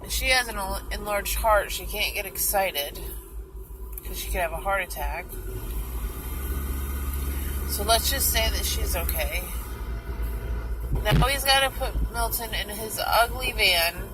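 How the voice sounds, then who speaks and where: A woman's voice: medium pitch, unhurried, pauses often. Chatty woman vlogging from her car. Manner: chatty, self-mocking, talks to other drivers. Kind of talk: casual chat while driving. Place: car on the road. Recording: noisy car interior. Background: car and road noise.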